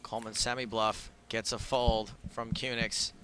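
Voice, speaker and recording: A man's voice: lowish voice, flat delivery, unhurried, bright, forceful tone, a little hiss or hum. Wry American man calling poker. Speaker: poker commentator. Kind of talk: live poker commentary and banter.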